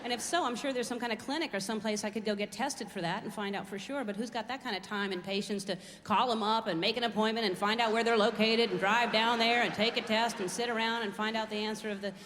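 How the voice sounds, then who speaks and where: Performing stand-up in a large theater before a live crowd, a middle-aged woman rambles through everyday anecdotes, teasing herself and observing. Her fairly high, slightly bright voice stays steady and fast with hardly any pauses, and the reverberant room holds crowd and background noise.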